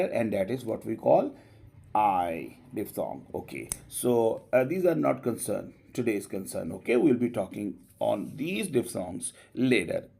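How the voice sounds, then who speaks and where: A male teacher leads a pronunciation class, stretching out each sound and nudging students to answer and repeat after him. His pitch swings widely from word to word, and his slow delivery has a gravelly edge. He is a native Urdu speaker teaching in English. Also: mellow. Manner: slow, drawn-out modeling of sounds, coaxing students with "come on, please".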